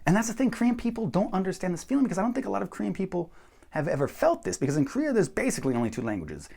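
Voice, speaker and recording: Animated man telling a story. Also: sits high, rapid-fire, vocal fry. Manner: animated, acts out quoted voices, blunt. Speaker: vlogger. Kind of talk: casual storytelling monologue.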